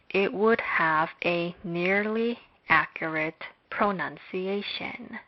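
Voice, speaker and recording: Female lecturer, extremely slow and measured, dull lo-fi sound, mid-pitched voice. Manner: measured, deliberate delivery with long pauses. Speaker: Hebrew lecturer. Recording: dull lo-fi recording.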